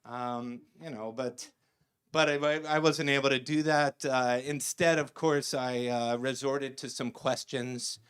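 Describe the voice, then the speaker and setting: A man performing a stand-up comedy set, telling an animated personal story on stage, full of fillers and acted-out quotes. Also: medium pitch, a little slow, clear, resonant tone. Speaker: researcher doing stand-up. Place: stage before a live audience.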